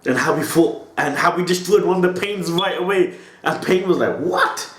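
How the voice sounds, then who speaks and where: A man's voice: fairly high pitch, moderate pace. Impassioned slangy man, roomy echo. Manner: impassioned, slangy, keeps tagging lines with "yo". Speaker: anime reaction channel host. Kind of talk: emotional reaction monologue.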